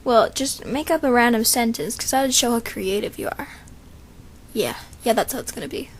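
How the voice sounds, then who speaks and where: A woman with a slightly high, thin voice talks through a casting call for her project. She rambles in an offhand, chatty way, with plenty of fillers and asides. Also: expressive, normal speed. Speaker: creator announcing a voice casting call. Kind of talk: casual unscripted casting-call chat.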